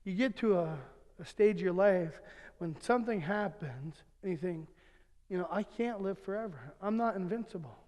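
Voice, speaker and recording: A man's voice: high-pitched, lively intonation, moderate pace, a little mellow. A middle-aged pastor preaching a sermon, telling humorous family stories and chuckling at his own jokes before turning earnest. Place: church sanctuary. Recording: long church hall reverb.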